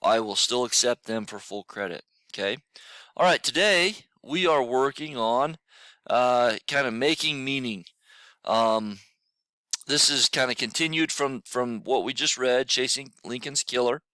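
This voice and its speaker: A man teaches a recorded middle school lesson, loose and repetitive, full of fillers. He sounds sleepy and admits he is not a morning person. His voice is bright and smooth, close and dry. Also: medium pitch, unhurried, no room sound. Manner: casual, repeats himself, many fillers. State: tired, yawning.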